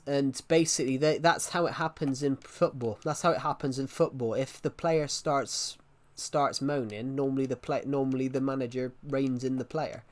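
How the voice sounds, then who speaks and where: A man chatting casually on a live stream, rambling and repeating himself as he restarts phrases. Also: medium pitch. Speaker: game streamer.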